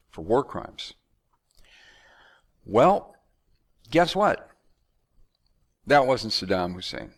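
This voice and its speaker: Performing impressions of announcers and magicians, this man from the United States gives an animated, conversational monologue. His voice is medium in pitch and gravelly.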